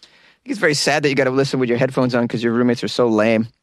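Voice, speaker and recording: A man's voice: medium pitch, steady tone, quick pace, dry recording. A man hosting a podcast from a small closet studio, chatting casually in a joking, rambling way. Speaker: podcast host. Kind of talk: casual chat.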